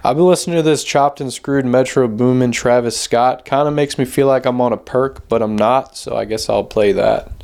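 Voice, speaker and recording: Young guy on his podcast, rambles a lot, swears constantly, says like and man every few words, mid-pitched voice. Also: normal speed, gravelly, hardly any pauses, darkish tone, clean tone. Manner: rambling, profane, heavy on "like" and "man". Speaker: podcast host. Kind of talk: casual monologue.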